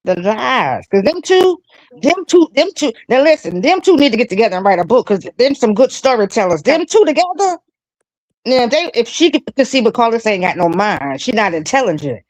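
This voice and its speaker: Woman co-host, blunt and emphatic, fairly high voice that swings a lot, dry sound. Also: sing-song, brisk, a little mellow, no room sound, poor audio. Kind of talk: casual late-night chat.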